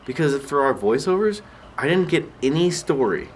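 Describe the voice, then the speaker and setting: A man's voice: on the high side, sing-song, normal speed, a little hiss or hum. A man chatting casually while he watches a friend play a video game; he teases and laughs easily. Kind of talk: casual gaming chat.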